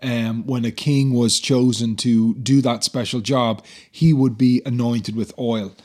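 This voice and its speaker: A man's voice: medium pitch, fairly even intonation, unhurried, darkish tone. A man co-hosting a Bible discussion, explaining passages in an earnest, teacherly way with frequent fillers.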